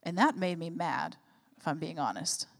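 A woman's voice: sits low, moderate pace, vocal fry. A woman in her thirties, a pastor preaching a sermon, telling a personal story and building to fervent exhortation.

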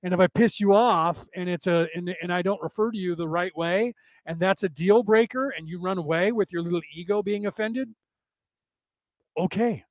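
A man with a notably high voice talks in a loose, rambling lecture, sarcastic and profane, slipping into quoted back-and-forth exchanges. The recording is dry and close, with no room sound. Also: normal speed, no echo. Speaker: podcast host teaching a class. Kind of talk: casual lecture-style monologue.

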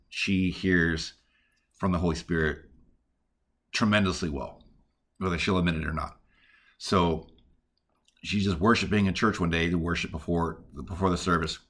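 A podcast host teaches casually and earnestly about prayer and reading scripture, keeping it conversational and sprinkling in lots of "like" and "all right." His voice sits low with a fairly bright tone.

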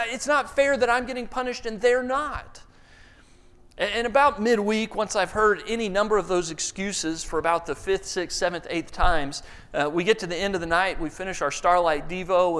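A man's voice: sits high, fairly even intonation, normal speed, fairly bright tone, in a large hall. A middle-aged man preaching a conversational sermon, telling stories and acting out voices along the way. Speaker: pastor.

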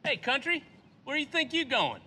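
A man's voice: extremely high pitch, sing-song, moderate pace, exaggerated voice. An actor playing a folksy country man in a comedy sketch, with a twangy drawl. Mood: hearty. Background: loud music.

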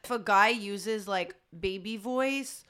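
Young woman co-host, bright forceful tone, blunt and dramatic reactions. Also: mid-range voice, takes it slowly, clear, resonant tone. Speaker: podcast co-host. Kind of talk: casual chat.

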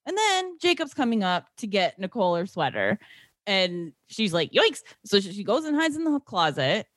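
A woman's voice: medium pitch, very animated, normal speed, no echo, studio quality. A woman in casual chat, recapping a movie plot with lots of laughter and acted-out quotes.

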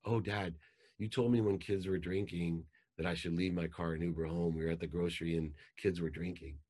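A man quoting his teenage daughter on the phone with her father, in a lightly raised, lively voice. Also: low-pitched, brisk, husky. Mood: calm. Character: teenage daughter, calm then upset.

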